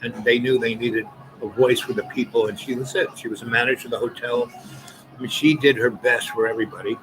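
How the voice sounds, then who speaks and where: Man of middling pitch telling a meandering personal story with stops and restarts, music clearly underneath. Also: fairly even intonation, low-quality recording. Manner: halting, many restarts and repeated words. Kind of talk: rambling personal anecdote. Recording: voice over clear background music.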